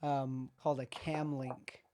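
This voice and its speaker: A guest speaker calmly explaining practical studio gear in a casual video call chat. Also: medium pitch, slow pace, a little hiss or hum. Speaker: guest expert. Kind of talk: casual tech advice chat.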